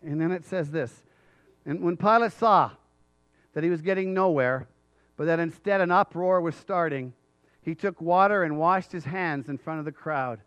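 A man's voice: fairly high pitch, fairly bright tone, dry recording. Earnest man preaching a sermon. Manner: earnest preaching, pauses to read scripture aloud. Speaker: pastor.

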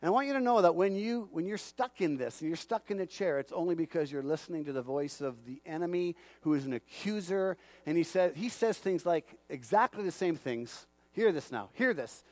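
A man preaching a sermon, animated and calling out to the congregation for responses. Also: fairly high pitch, no room sound.

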